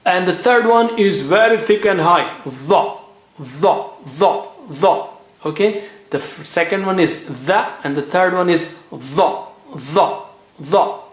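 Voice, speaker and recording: Man drilling Arabic letter sounds. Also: high-pitched. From India. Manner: repeats sounds slowly for drilling, says "okay" often. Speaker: Quran recitation teacher. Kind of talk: tajweed pronunciation lesson. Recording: echoey room.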